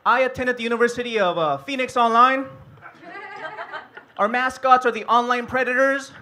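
High-voiced man doing stand-up. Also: noisy background. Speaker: stand-up comedian. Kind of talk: stand-up set. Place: comedy club stage.

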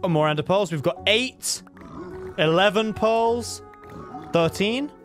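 A man giving live gameplay commentary, excitable, talking to himself and pleading with the creatures in the game. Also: sits high, slow, faint music behind. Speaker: gaming video creator.

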